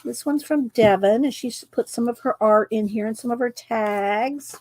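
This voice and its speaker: A woman's voice: a little high, normal speed, a little mellow, no room sound. Chatty woman reading cards. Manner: chatty, stumbles over names, frequent fillers. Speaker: channel host. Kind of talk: casual livestream chat, reading cards aloud.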